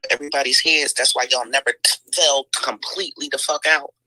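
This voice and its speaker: With a very deep, pushed and bright voice, this woman swears her way through heated livestream commentary, exclaiming and sighing with plenty of "mm-mm"s. She speaks a little fast with fairly even intonation, on a rough recording with slight background noise.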